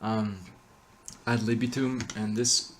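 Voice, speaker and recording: A man talks through a chant lesson at an unhurried pace. He hesitates often, fills pauses with ums and corrects himself as he explains. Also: on the low side, level tone, slight background noise. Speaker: chant teacher. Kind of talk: casual explanation with sung chant examples.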